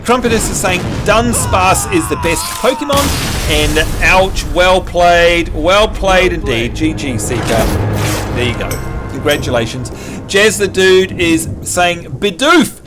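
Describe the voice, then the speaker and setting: Casting: New Zealand man, streamer host, slightly higher voice, faint game music behind. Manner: chatty, reads chat aloud, jokey outbursts. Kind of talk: live-stream chat reading.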